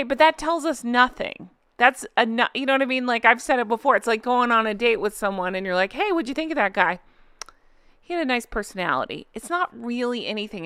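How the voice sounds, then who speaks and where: A woman in her thirties with a Southern accent hosts a casual commentary video, sarcastic and full of disbelief. Her voice sits a bit high and sounds smooth and clean. The recording is close and dry, with no room echo. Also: fairly bright tone. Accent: Southern American. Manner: sarcastic, incredulous, chatty. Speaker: commentary channel host.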